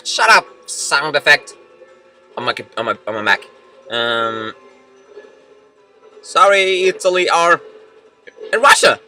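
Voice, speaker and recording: Young male gamer, bright and animated, excitable, faint game music underneath. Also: a little high, measured pace, pauses often. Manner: excitable, shouts and yells at the game. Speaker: let's play gamer. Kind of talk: game commentary. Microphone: computer mic.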